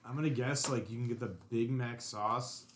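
A man joking around on a casual podcast. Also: medium pitch. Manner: joking, fast and animated. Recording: roomy echo with faint noise.

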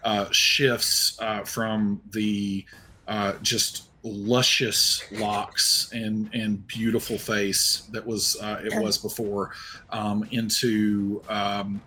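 Man playing a tabletop character who speaks very slowly and stops for fillers, with faint noise in the background. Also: fairly low pitch, level tone, sharp tone. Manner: hesitant, many ums and uhs. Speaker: player. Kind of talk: tabletop game play.

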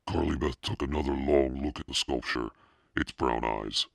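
A man's voice: very deep voice, normal speed, gravelly, a bit bright, slightly rough, no room sound, clean studio sound. A man casually reading a children's book aloud, now and then breaking off to comment on the text. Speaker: reader.

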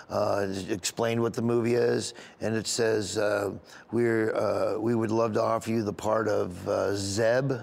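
In an interview, a male comedian rambles through an emotional story, often near tears and laughing as he remembers. His voice is lowish and darkish with vocal fry, and the recording has a big-room sound.

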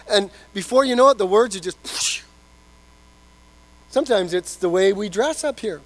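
A man preaching a sermon as pastor, animated, acting out the voices of people he quotes and dropping to soft emphasis. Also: sits high, fairly quick. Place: church.

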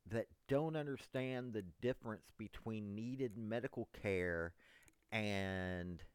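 A man delivering an unscripted political monologue, emphatic, addressing his listeners as ladies and gentlemen. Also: lowish voice, takes it slowly, clean tone, no room sound. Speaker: political commentator.

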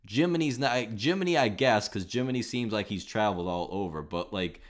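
A man's voice: on the low side, animated, brisk. A man hosting a podcast, chatting casually and wryly picking apart a film. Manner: wry, sarcastic movie critique. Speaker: podcast host. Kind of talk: casual chat.

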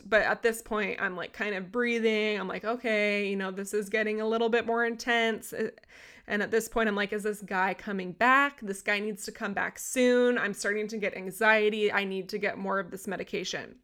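A young woman hosts a podcast, telling a personal story in a casual monologue. Her medium-pitched voice is candid and animated, and she swears freely.

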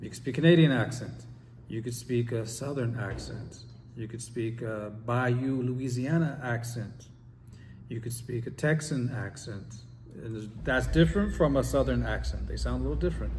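A man's voice: medium pitch, darkish tone, a little hiss or hum. A man teaching an Islamic study class, reading quotes aloud and putting questions to his students. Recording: long hall reverb, faint ambience.

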